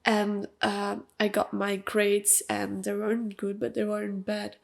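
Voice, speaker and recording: A young Belgian woman hosts her own podcast from home with her cats, speaking in a mid-range voice with a completely flat delivery, vocal fry and a measured pace. Her Belgian accent comes through, and allergies make her nasal. It's a casual, emphatic personal monologue full of fillers.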